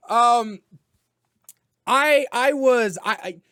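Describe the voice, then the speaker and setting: A man giving a casual spoken video game review, talking loudly with jokes and animated delivery. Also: very high-pitched. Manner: loud, animated and joking.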